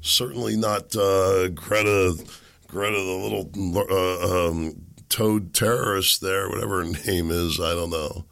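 Sick, gravelly man rambling on a podcast. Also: low-pitched, steady tone, a little slow, a bit bright. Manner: rambling and sarcastic, muttering asides. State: sick, losing his voice. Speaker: podcast host. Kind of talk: casual commentary monologue. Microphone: boom microphone on a desk.

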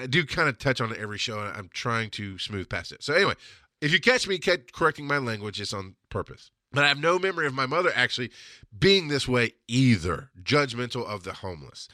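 A man's voice: medium pitch, bright, forceful tone, no echo, clean studio sound. A man hosting a solo podcast monologue, ranting with lots of swearing and wandering off on tangents. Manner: profane, ranting, digressive. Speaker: podcast host.

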